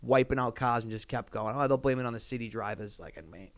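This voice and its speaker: A man, telling stories on a podcast in a loose, swearing, animated way, acting out other people's voices. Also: mid-range voice, fast talker. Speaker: podcast guest. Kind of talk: casual storytelling.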